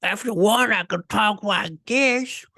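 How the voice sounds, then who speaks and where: A man putting on a slow, croaky, drawn-out silly voice as a joke on his podcast. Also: high voice, pushed and bright, no echo, clean studio sound, voice pushed up, heavily acted. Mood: playful. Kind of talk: jokey put-on voice on a podcast.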